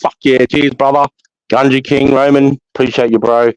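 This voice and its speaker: A man's voice: medium pitch, flat delivery, normal speed, clear, resonant tone, dry recording, poor audio. Sweary Australian man hosting a livestream. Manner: sweary, matey shout-outs to chat. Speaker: livestream host. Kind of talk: casual livestream chat.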